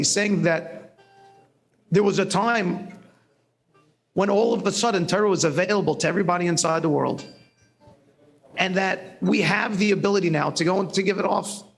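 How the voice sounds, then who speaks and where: At an event, a male guest speaker tells a rambling, self-mocking story, laughing often in a humorous storytelling talk. His voice is high with vocal fry, and faint music plays in the background.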